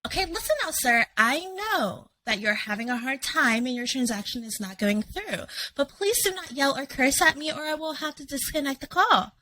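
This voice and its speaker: A woman's voice: high voice, lively intonation, normal speed, hardly any pauses, sharp tone, low-quality recording. A woman voicing an overly polite female call-center agent, with a sweet, scripted customer-service manner. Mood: sugary polite.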